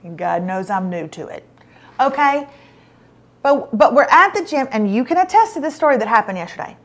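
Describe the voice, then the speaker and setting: A woman's voice: fairly high pitch, big pitch swings, moderate pace. A middle-aged woman, hosting a show and telling a self-mocking story in casual chat. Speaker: show host.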